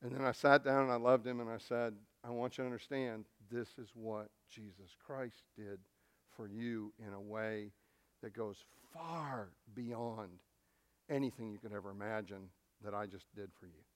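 Man, middle-aged pastor, sermon, earnest storytelling, smooth resonant voice, dry close sound. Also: on the low side, normal speed, no echo. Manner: earnest, storytelling, frequent restarts.

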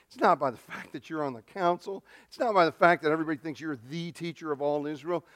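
A pastor preaching a sermon, swinging from hushed, near-whispered lines to loud, emphatic ones. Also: male voice, on the high side, quick pace, hardly any pauses.

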